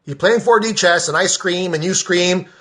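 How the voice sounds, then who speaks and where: The man is a podcaster addressing his own audience, and he's furious: his political rant to camera comes in a high, forceful voice that keeps erupting into shouts. At a moderate pace, he hammers his points in blunt, profane terms.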